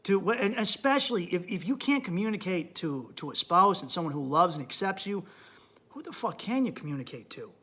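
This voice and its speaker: A man hosting a comedy podcast in a high, bright, sharp-edged voice. He delivers a crude, blunt monologue and acts out his own thoughts as he goes. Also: big pitch swings, brisk, breathy edge. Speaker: podcast host.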